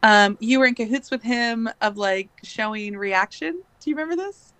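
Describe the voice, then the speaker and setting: A woman's voice: fairly high pitch, moderate pace, fairly bright tone, clear, resonant tone, dry recording. Thirties woman guest, rambly storytelling, lots of likes and ums, dry sound. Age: 30s. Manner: chatty, many fillers and likes. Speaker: podcast guest. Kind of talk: casual storytelling.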